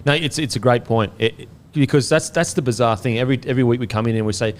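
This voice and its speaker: A man hosting a casual sports podcast, relaxed and swearing now and then, tripping over player names. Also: mid-range voice, fast talker, slight background noise. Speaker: podcast host.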